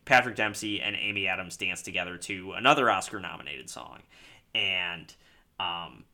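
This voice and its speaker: A man co-hosting a podcast, casually recapping a movie with jokes, swearing and quick acted-out quotes. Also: low voice, animated, bright, forceful tone. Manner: jokey, swears, acts out quotes. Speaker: podcast co-host.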